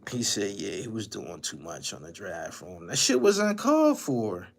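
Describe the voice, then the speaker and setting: A man's voice: fairly low pitch, wildly swooping pitch, normal speed, gravelly, husky. A man hosting a livestream, giving profane, ranting commentary and repeating his lines for emphasis. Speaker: channel host.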